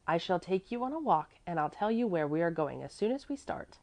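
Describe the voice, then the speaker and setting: A woman's voice: on the low side, big pitch swings, brisk, a little mellow. Woman doing a fretful old servant woman. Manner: earnest, fretful, emphatic. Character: fussy, devoted older woman servant.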